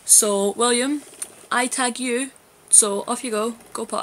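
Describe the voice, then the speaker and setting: A young Glaswegian woman talks slowly and easily to her camera at home. She reads a word list aloud, clear and deliberate, with a faint hiss of room noise underneath. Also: on the high side. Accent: Glaswegian Scottish. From Scotland. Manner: chatty, slow, reads words out loud and clear. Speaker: vlogger. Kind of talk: casual vlog, reading a word list. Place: flat, indoors.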